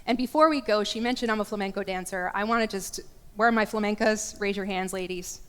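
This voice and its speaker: A woman giving a candid, lively lecture as a guest speaker, joking with her audience. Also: mid-range voice, brisk, clean tone. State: getting choked up. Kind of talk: lecture talk. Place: large church. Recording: echoey church hall.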